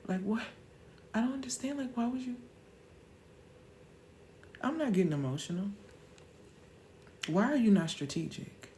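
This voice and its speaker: A woman's voice: mid-range voice, warm tone, a little hiss or hum. A woman in her thirties hosting a live-stream motivational talk, emphatic and slangy, firing off rhetorical questions.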